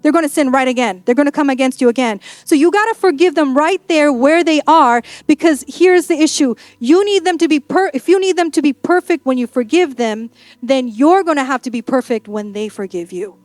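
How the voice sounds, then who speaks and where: A woman's voice: high-pitched, fairly quick, a little mellow, dry recording. A woman pastor preaching a sermon in a church, in a playful, conversational way with acted-out asides.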